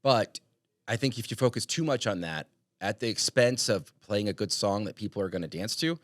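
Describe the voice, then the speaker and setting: A young man, a wedding DJ, chatting on a podcast in an animated, emphatic way and laughing often. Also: lowish voice, fairly quick, no echo, clean studio sound. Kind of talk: casual podcast chat.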